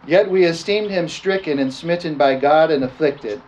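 A man's voice: fairly high pitch, moderate pace, a little mellow, slight background noise, poor audio. A man preaching a sermon and leading communion prayer, drawing out scripture words and calling for responses. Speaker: pastor.

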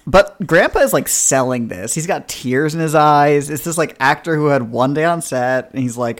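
A man's voice: fairly high pitch, moderate pace, few pauses. A man from New Jersey co-hosting a casual movie-review podcast, full of wry jokes and asides. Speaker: podcast co-host.

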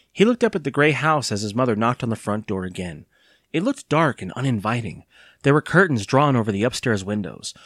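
A man reading a children's horror novel aloud, with casual asides and fillers before steady narration. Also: medium pitch, no echo, studio quality. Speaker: reader.

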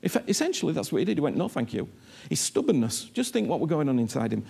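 Male preacher, high and gravelly, emphatic sermon delivery with repeated words. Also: big pitch swings, quick pace. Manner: emphatic, repeats words, voices imagined speakers, drops low and soft in prayer. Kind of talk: sermon with prayer.

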